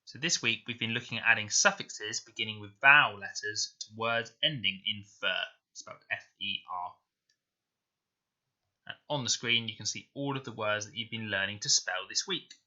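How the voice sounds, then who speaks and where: Man for a recorded spelling lesson; sharp, bright tone, sounds out each word slowly. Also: on the low side. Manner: slow, clear, sounding out words deliberately. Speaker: primary school teacher. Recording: dull lo-fi home recording.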